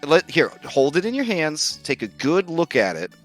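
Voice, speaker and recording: A man narrating as game master of a tabletop game, animated and laughing often. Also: fairly high pitch, normal speed, faint music behind.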